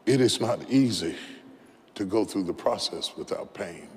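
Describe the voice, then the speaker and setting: A man preaching a sermon as a bishop, impassioned, building to shouts and having the congregation repeat phrases after him. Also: on the low side, lively intonation, unhurried. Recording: reverberant hall with faint background noise.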